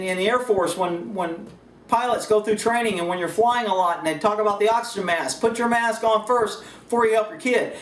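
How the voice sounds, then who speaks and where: High-voiced folksy American man, echoey room. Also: recorded from a distance. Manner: folksy, rambling, with laughs and self-asides. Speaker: firearms instructor. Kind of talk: casual instructional talk. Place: indoors, shooting range building.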